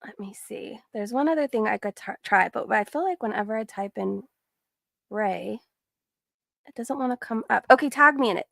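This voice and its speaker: A woman's voice: fairly high pitch, vocal fry, a bit bright, no echo, studio quality. A woman casually commenting on clips and reading chat messages aloud on a live stream, often breaking into giggles.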